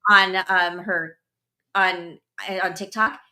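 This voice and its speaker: A woman's voice: on the low side, steady tone, takes it slowly, sharp tone. A young woman hosting a podcast, telling a story in casual chat, full of "like" and filler words. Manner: chatty, full of "like" and "blah, blah". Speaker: podcast host.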